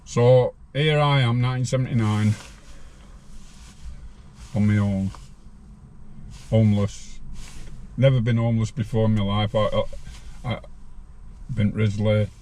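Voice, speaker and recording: A man's voice: lowish voice, fairly even intonation, measured pace, long pauses, warm tone, a little hiss or hum. A man in his sixties, a podcast guest telling a rambling story from his own life in a plain-spoken way.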